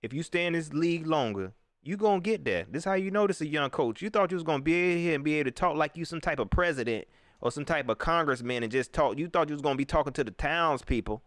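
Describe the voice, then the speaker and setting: A man hosting a live sports show, teasing and preaching in casual, animated commentary. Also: fairly high pitch, fast talker, dry recording, clean studio sound.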